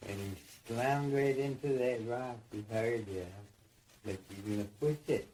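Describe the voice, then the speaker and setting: A man's voice: medium pitch, measured pace, dark tone, a little hiss or hum, rough recording. A man telling a dream story in a rambling way, repeating phrases and acting out voices. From United States.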